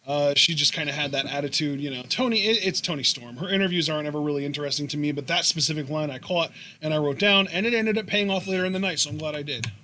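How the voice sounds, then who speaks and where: A man co-hosting a show in casual chat, blunt and quick to get irritated. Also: fairly high pitch, sharp tone, a little hiss or hum. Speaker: podcast co-host.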